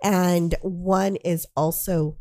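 Brief: female co-host, lowish voice, hesitant, casual chat. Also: steady tone, very slow, darkish tone. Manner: hesitant, searching for words.

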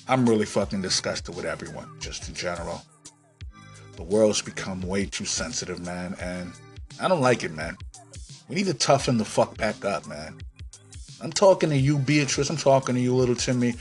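A man hosting a podcast, delivering a profane comic rant that swings between yelling and low muttering. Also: animated, moderate pace, long pauses, soft background music. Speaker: podcast host.

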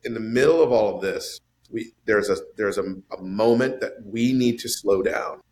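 A man in casual podcast chat about a film, animated and swinging his voice up high for emphasis. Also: moderate pace, slight background noise. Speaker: podcast panelist discussing a film.

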